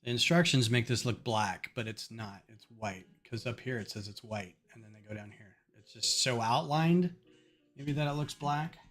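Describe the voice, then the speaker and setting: Bright, forceful man on a casual build stream; chatty and wry, with faint music underneath. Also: mid-range voice, normal speed. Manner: chatty, wry storytelling between build remarks. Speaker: streamer building a brick set. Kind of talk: casual live-stream chat.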